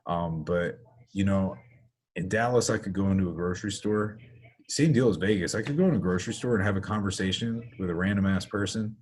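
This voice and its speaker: A podcast co-host from the US East Coast, telling stories in casual chat with an emphatic, animated manner. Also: male voice, low-pitched, brisk.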